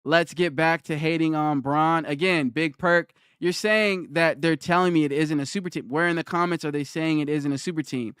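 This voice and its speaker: A man's voice: a little high, fairly even intonation, moderate pace, hardly any pauses, a bit bright, clear, resonant tone, no room sound, clean studio sound. A man on a live stream, ranting back at his chat in a combative, mocking way and hammering the same points over and over. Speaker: livestreamer. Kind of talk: livestream rant answering chat.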